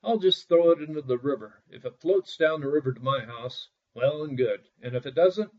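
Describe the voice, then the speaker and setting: A man's voice: on the high side, expressive, normal speed. A man voicing a clever, sly poor male peasant in a fairy tale, talking in a coaxing way, on a dull lo-fi recording.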